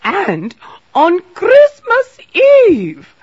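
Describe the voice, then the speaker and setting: A woman voicing a worried, frantic Moon Queen in a storybook, exclaiming in a shrill raised voice, heard on a dull lo-fi recording. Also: wildly swooping pitch, extremely slow, full character voice. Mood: distressed.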